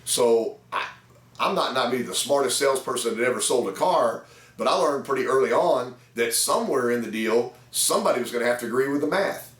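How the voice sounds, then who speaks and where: Brief: man in his fifties, sales trainer, anecdotal storytelling, mid pitch, roomy sound. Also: brisk, fairly bright tone, distant mic. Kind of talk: storytelling talk to camera. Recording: echoey room.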